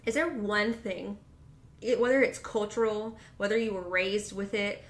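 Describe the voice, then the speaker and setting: A woman hosting a casual interview, asking questions haltingly and rephrasing as she goes. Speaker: podcast host. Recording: echoey room with faint rumble.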